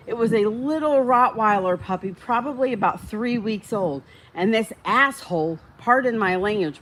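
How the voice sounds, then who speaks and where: A woman's voice: medium pitch, poor audio. Lady doing a livestream, chatting with viewers, voice bounces all over, faint hiss behind. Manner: chatty, reads out viewer comments, gets heated about dogs. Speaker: livestream host. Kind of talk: casual live-stream chat with viewers.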